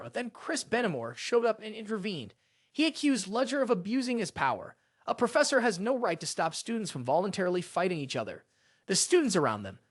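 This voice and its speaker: A man with a high, slightly bright voice narrates a story recap in a scripted reading style, captured in a dry, studio-quality recording. He reads every character's lines in his same narrating voice rather than doing distinct ones.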